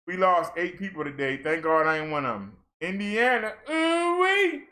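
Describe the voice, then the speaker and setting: A man from Maryland hosts a casual livestream, running through a long list of numbers. His voice sits high for a man, and he keeps breaking the routine with playful asides and exclamations. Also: fairly quick, pushed and bright. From Maryland, USA. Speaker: fitness streamer. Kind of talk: casual livestream rundown of daily figures.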